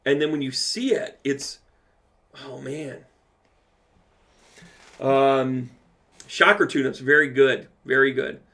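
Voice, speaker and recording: A man's voice: medium pitch, slow pace, creaky, long pauses, bright, forceful tone. A man hosting a casual livestream Q&A as a medium, reading out viewer comments and answering them with playful asides. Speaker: medium answering live chat questions.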